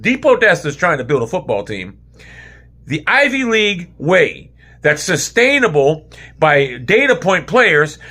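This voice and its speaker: A man's voice: high-pitched, sharp tone. A man ranting angrily as a football fan, heated and profane, repeating himself as he vents. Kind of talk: angry sports rant.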